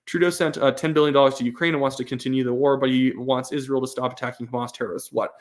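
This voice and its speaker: A man's voice: mid-range voice, steady tone, fast. Opinionated man on a live stream. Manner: opinionated, reads chat questions aloud, frequent fillers and restarts. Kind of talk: casual live-stream commentary.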